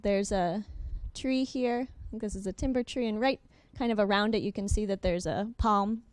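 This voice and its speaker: Quick, smooth-voiced woman presenting. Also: mid-range voice, no room sound. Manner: quick, with many ums and uhs, self-correcting. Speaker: workshop presenter. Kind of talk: conference presentation with slides.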